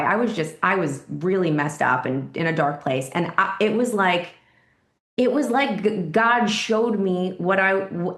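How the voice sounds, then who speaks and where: A woman guest on a faith podcast, telling her story in a candid, animated and emotional way. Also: echoey room. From Florida. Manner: animated, emotional, rises high when excited.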